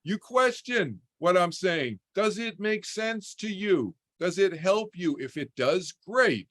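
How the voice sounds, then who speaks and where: A man's voice: high voice, lively intonation, slow, fairly bright tone. A man giving an informal talk over a video call as a spiritual teacher, speaking conversationally and often checking in with his listeners. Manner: conversational, keeps checking in with "okay?". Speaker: spiritual teacher speaking to a parent support group.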